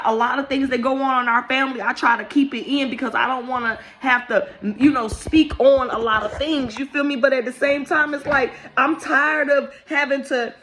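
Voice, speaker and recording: Holding back tears, a vlogger in her thirties rambles through an emotional family story, apologizing as she goes. It's a casual storytime, told in a high, fairly bright voice.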